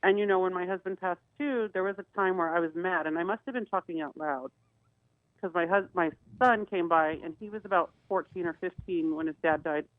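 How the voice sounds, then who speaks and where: A woman's voice: on the low side, a little fast, no echo. A middle-aged woman co-hosting a radio talk show, telling personal stories in an earnest way with many restarts. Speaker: co-host. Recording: dry, phone-like radio sound.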